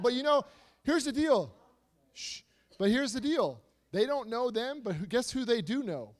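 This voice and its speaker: High-voiced animated male preacher. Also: normal speed. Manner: animated, swings between soft asides and loud emphasis; rhetorical questions and repetition. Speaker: youth speaker. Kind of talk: sermon to a youth group.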